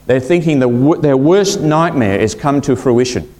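A man preaching a sermon as pastor, expressive, swinging his voice up when acting out quotes and sinking to a hush. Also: medium pitch, normal speed.

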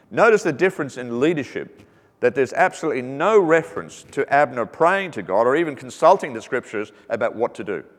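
Guy preaching a sermon, earnest w/ little jokes, echoey hall sound. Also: medium pitch. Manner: earnest, with joking asides. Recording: reverberant hall.

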